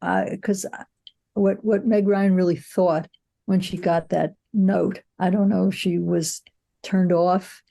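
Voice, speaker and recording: Older woman, film producer, mellow low voice, reflective anecdotes, "you know" fillers. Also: steady tone, takes it slowly, gravelly. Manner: reflective storytelling, frequent "you know" and restarts. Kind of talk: candid interview answers.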